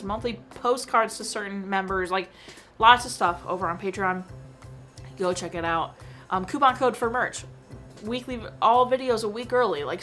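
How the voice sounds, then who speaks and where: A woman's voice: mid-range voice, sharp tone. A young woman vlogger chatting casually about a film she watched, full of fillers and emotional asides. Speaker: movie review vlogger. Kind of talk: casual chat.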